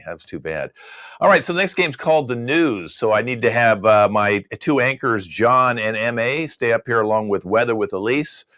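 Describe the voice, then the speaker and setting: A man's voice: lowish voice, fairly bright tone. A man hosting an online improv comedy show, casually explaining the games to the players. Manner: easygoing, explains game rules. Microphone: video call.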